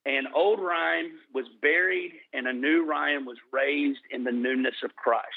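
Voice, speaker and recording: A middle-aged man telling his personal testimony in an interview, earnest and slowing down for emphasis. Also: fairly high pitch, steady tone, creaky, no room sound. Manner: earnest storytelling, slows for emphasis. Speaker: guest sharing testimony. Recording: tinny phone-like line.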